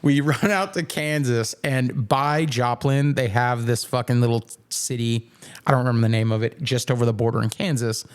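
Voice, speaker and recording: A man's voice: mid-range voice, steady tone, moderate pace, clear, resonant tone. A young man hosting a podcast, telling a rambling, profane story with plenty of swearing and laughter. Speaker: podcast host. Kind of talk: casual chat, storytelling.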